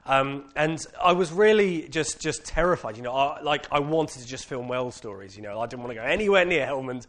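This British-accented man talks fairly quickly with few pauses, his pitch in the medium range. Sharing a personal testimony with an audience, he's candid and animated and uses lots of casual fillers.

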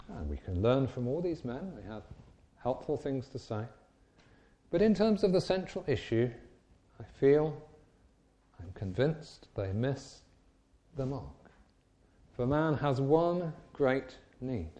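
A man preaches with a mellow, warm voice. He retells the scripture story in an emphatic, animated way, and his pitch sits in a middle range. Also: slow, pauses often. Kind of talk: sermon.

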